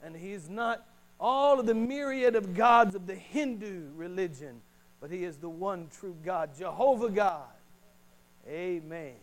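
A man preaching a sermon as pastor, slowing down to punch key phrases and calling for an amen from the congregation. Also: sits high, rough recording. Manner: emphatic preaching with slowed, punched phrases and call-and-response.

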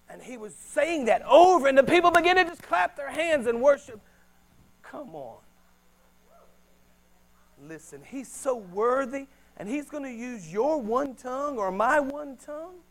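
A middle-aged man preaching a sermon as a pastor, swinging between hushed and loud delivery. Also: very high-pitched, big pitch swings, a little slow, rough recording.

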